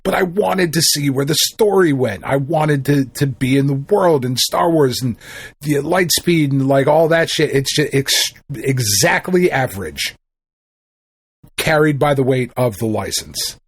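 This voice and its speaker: A man's voice: medium pitch, lively intonation, unhurried, husky, no room sound. A man co-hosting a podcast in laid-back casual chat. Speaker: podcast co-host.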